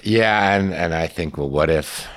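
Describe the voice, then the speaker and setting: A man's voice: deep voice, unhurried, a bit bright. A man hosting a casual conversation in a wry, thoughtful way. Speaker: podcast host.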